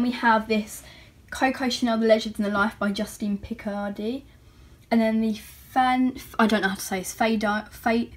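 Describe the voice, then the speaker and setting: A teenage girl giving a casual room tour, chatty and gushing, sometimes dropping to a soft near-whisper. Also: mid-range voice, a little hiss or hum. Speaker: vlogger. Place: bedroom at home.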